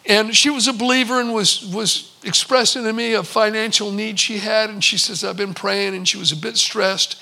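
A man in his sixties preaching a sermon, telling stories and slowing for emphatic pauses. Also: high-pitched, fairly even intonation, creaky, sharp tone. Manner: storytelling, with slow emphatic pauses. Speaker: pastor.

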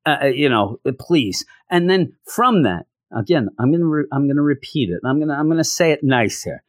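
A man's voice: fairly high pitch, lively intonation, normal speed, few pauses, no echo, clean studio sound. A man casually recapping a comic issue with sarcastic, rambling commentary and frequent stammered restarts. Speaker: comic book podcast host.

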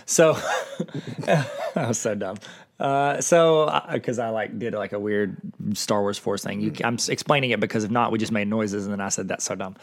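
A man's voice: lowish voice, a little fast, hardly any pauses. A man co-hosting a casual podcast, joking and rambling as he cuts himself off and starts over. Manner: rambling, joking, self-interrupting. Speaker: podcast co-host.

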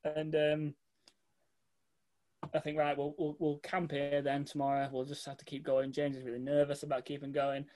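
A man telling a casual, animated travel anecdote, swearing freely and mimicking the people he met. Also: on the high side, moderate pace. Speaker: guest telling a travel story.

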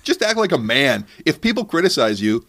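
A man's voice: on the high side, sing-song, a little fast, fairly bright tone. A man hosting a comedic podcast, talking in a sarcastic, mocking way. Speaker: podcast host.

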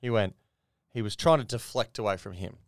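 Low smooth-voiced man. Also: brisk, no echo, studio quality. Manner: blunt, crude banter. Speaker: podcast co-host. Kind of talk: casual chat.

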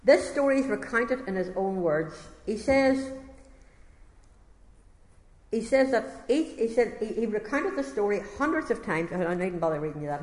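A woman preaching a sermon, reading a testimony aloud and breaking off for conversational asides. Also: medium pitch. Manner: conversational asides between passages read aloud. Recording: echoey hall reverb.

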